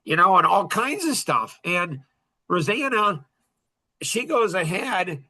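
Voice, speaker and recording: A middle-aged man hosting a podcast, telling a story in a casual, animated and heated way, with many restarts. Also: high voice, a little slow, husky. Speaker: podcast host.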